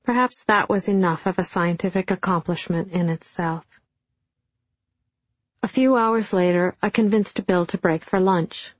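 A middle-aged woman narrating an audiobook in a dry, deadpan storytelling manner. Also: on the low side, normal speed, hardly any pauses, husky, no echo. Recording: dull, dry studio sound.

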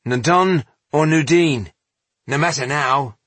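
A man's voice: a little high, takes it slowly, fairly bright tone, dry recording, voice pushed up. A man voicing an earnest young male magic apprentice who argues his case with urgency in an audiobook.

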